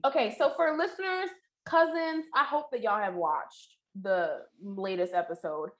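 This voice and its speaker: A woman's voice: medium pitch, a little slow, fairly bright tone. A woman co-hosting a podcast in casual chat, chatty and slangy, laughing often. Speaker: podcast co-host.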